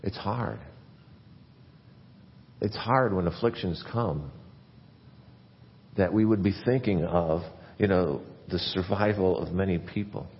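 A man preaching a sermon as pastor, earnest, his voice rising and growing louder when he stresses a point. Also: sits low, slow, long pauses, long reverb tail, dull audio.

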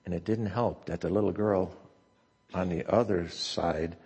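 Older pastor, gravelly voice in a hall. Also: male voice, low voice, steady tone, unhurried, darkish tone. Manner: storytelling with many fillers and restarts. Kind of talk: sermon. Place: church sanctuary. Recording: long church hall reverb.

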